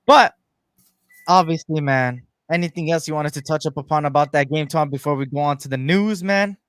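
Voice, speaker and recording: A man's voice: on the high side, moderate pace, a bit bright, clean tone, no room sound, studio quality. A man co-hosting a live fan sports show, chatting easily and greeting viewers in the chat.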